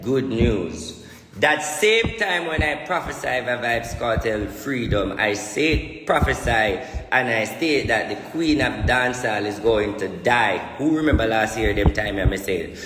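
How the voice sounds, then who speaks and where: A man's voice: medium pitch, animated, a little slow, music in the background. A Jamaican man speaks as a self-proclaimed prophet, pressing each point with emphatic repetition. The sound rings through an echoey room, with a long reverb tail after each phrase. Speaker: self-styled spiritual prophet. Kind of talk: ranting monologue.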